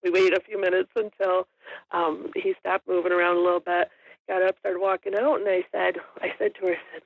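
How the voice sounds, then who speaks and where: A woman's voice: on the low side, little pitch movement, fairly quick, vocal fry, no room sound. A woman guest telling a hunting story in a casual interview, chatty and laughing often. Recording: dull lo-fi audio.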